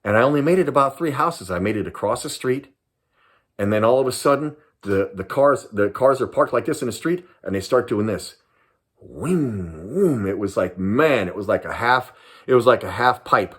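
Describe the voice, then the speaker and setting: A man's voice: mid-range voice, a little fast, fairly bright tone. An older man from Southern California, a retired police sergeant, telling a story to camera in a casual way. He repeats himself and keeps dropping in "man".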